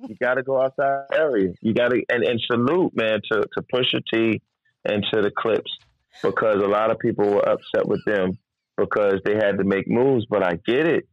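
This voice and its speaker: Singer dude from virginia telling stories on a podcast, doing everyone's voices, squeaky disbelief, kinda dull dry audio. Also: male voice, normal speed, dry recording. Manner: animated, mimics people, jumps into incredulous high-pitched outbursts. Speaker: singer and recording artist. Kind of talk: casual podcast storytelling.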